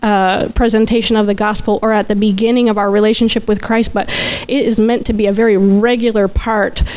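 Woman, group participant, smooth clear voice, hesitant, thoughtful discussion. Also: medium pitch, level tone, brisk, darkish tone. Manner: hesitant, with restarts. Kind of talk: sharing an insight in discussion.

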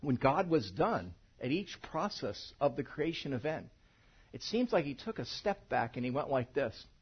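Male pastor, sermon, husky voice, lively swinging pitch, conversational and joking, muffled lo-fi church recording. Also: normal speed. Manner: conversational, animated, mixes humor with teaching. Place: church sanctuary.

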